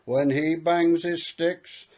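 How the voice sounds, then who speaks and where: A man singing as a lovestruck young woman who begs her father, with the part sung in his own voice. The singing is very slow and drawn out. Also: a little high, fairly even intonation, darkish tone. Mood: pleading. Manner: sung pleading lines. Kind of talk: comic song.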